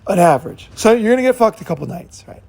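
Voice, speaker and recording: A man's voice: high voice, expressive, fast talker, vocal fry, darkish tone. A man talking in a rambling, unscripted monologue, swearing freely and repeating himself as he tells stories. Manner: profane, rambling storyteller who repeats himself. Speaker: channel host.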